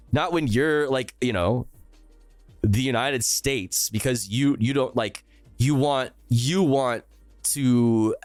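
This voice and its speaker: A man's voice: medium pitch, no echo. A male streamer ranting sarcastically and with heavy profanity while reacting live to a news clip.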